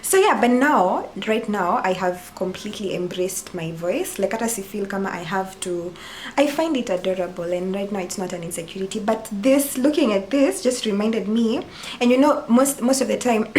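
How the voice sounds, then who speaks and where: A woman's voice: mid-range voice, a little hiss or hum. A woman in her twenties with a Kenyan accent, chatting casually to camera in a reaction vlog and switching languages mid-sentence. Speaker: YouTuber.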